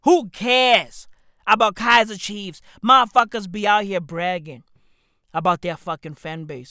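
A man ranting on his podcast, slow and drawn out, mocking and swearing, one question after another. His voice is bright and sharp, recorded close and dry. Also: sits high, clear, resonant tone, no room sound. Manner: profane, mocking, repetitive ranting with rhetorical questions. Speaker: podcast host. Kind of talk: comedic podcast rant.

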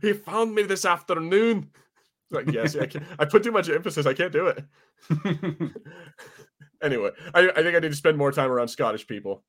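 A man's voice: fairly high pitch, expressive, brisk, pauses often, a bit bright. A man co-hosting a podcast in casual chat, rambling with many restarts and swearing freely. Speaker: podcast co-host.

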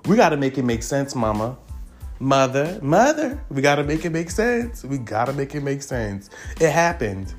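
A man giving casual celebrity gossip commentary, animated and profane, leaping up in pitch for emphasis. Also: normal speed, soft background music. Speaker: commentary vlogger.

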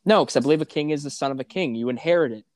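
A man's voice: on the high side, very fast, darkish tone, no echo. A man hosting a podcast, chatting casually and jokingly, rambling with lots of filler words. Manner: joking, rambling with many likes. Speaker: podcast host.

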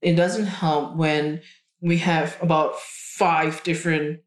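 A woman's voice: low voice, fairly even intonation, slow. A woman, co-hosting a casual podcast as a chiropractor, chatty and often repeating her co-host's words. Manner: chatty, echoes the co-host's words, many restarts. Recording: roomy echo.

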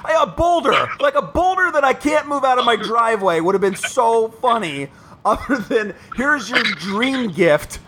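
A man in his thirties co-hosting a casual podcast, complaining in an animated, exaggerated way with frequent laughs. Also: very high voice, moderate pace, noisy background. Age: 30s. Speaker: podcast co-host.

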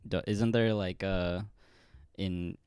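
A young male comedian chats on a podcast in a laid-back, halting way, with plenty of fillers. His voice is very deep, smooth and clear. The sound is close and dry. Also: steady tone, a little mellow, no room sound. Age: young adult. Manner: laid-back, hesitant, laughs at his own points. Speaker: comedian guest. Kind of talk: casual podcast chat.

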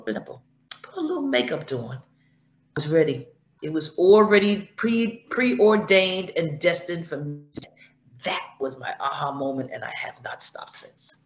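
A middle-aged woman guest in a casual chat, telling her story in an animated way and acting out the voices she quotes. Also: low voice, unhurried. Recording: dull lo-fi line with faint noise.

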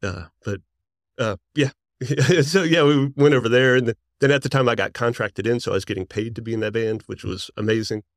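A man in his forties, a musician guest, telling stories in a rambling, excited way and laughing often. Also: mid-range voice, brisk, no room sound, clean studio sound. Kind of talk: casual storytelling.

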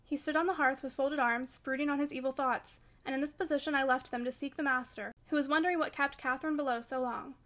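A woman narrating a classic novel in an audiobook, in a measured, expressive storytelling manner. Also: sits high.

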